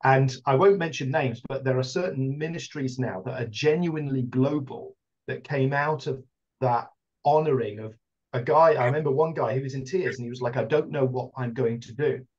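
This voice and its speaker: A man's voice: medium pitch, normal speed, muffled recording. A man, earnestly telling a story in a panel discussion, his speech full of hedging fillers. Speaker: round table guest.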